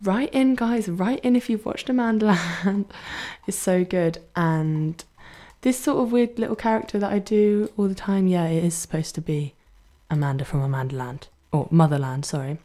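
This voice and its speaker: She's a young woman from Brighton, England, working as a student radio DJ and chatting casually between tracks with a Brighton English accent. Self-deprecating and quick to laugh, she speaks at a medium pitch and a moderate pace.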